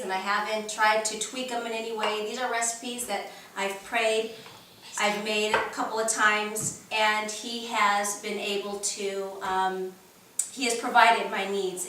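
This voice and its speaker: A woman from California presenting her own recipe in a casual home cooking demo, talking in an earnest, chatty way with many pauses and fillers. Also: medium pitch, sharp tone, a little hiss or hum. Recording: very echoey room, mic at a distance.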